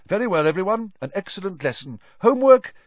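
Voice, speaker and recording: A man's voice: high-pitched, big pitch swings, fast, no echo, dull audio, voice pushed up. A man voicing a cheerful male teacher who calls out his students with eager commands. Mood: pleased.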